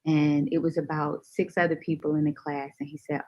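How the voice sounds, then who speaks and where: A woman guest on a radio show, telling a personal story in a lively, expressive way and laughing easily. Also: low voice, brisk. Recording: dull lo-fi sound.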